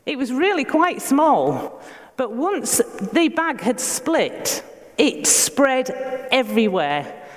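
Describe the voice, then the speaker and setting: A woman with a Yorkshire accent giving an earnest, measured sermon in a church, asking her listeners questions. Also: sits high, sing-song, big-room sound. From Yorkshire, England. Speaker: preacher.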